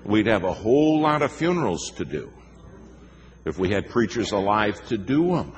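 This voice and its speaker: A man preaching a sermon in a folksy, emphatic way, telling stories and slowing down to stress his points. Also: on the low side, big pitch swings, long reverb tail, noisy background. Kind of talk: sermon with storytelling.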